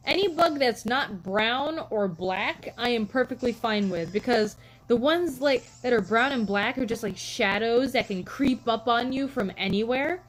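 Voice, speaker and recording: Chatty young woman streamer, high-pitched. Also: rough recording. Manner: chatty storytelling, frequent "like" and "um" fillers. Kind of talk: casual live-stream chat.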